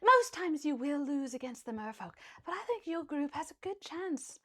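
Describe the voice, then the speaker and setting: A woman puts on a mischievous cat-folk captain with a high voice, sly and teasing as she bargains. She sounds like she knows something you don't, and she is enjoying it. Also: big pitch swings, moderate pace, sharp tone, exaggerated voice.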